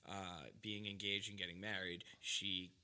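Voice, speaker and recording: A man's voice: low-pitched, little pitch movement, unhurried, bright, forceful tone, clean tone. A man from Massachusetts hosting a podcast, telling a long story in casual, profane chat full of "like" and "dude". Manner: rambling, profane, fillers like "like" and "dude". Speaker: podcast host.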